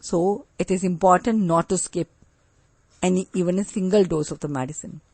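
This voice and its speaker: A woman from India with an Indian English accent, teaching an exam-preparation lesson in a deliberate, emphatic way. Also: lowish voice, darkish tone, breathy edge, no echo, rough recording. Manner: slow, deliberate, emphatic on key words. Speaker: OET speaking tutor.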